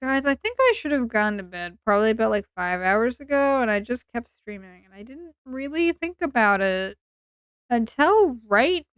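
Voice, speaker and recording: A woman's voice: fairly high pitch, expressive, moderate pace, smooth, dry recording. Sleepy, teasing woman streamer. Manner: rambling, playful, teasing. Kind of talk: casual late-night stream chat.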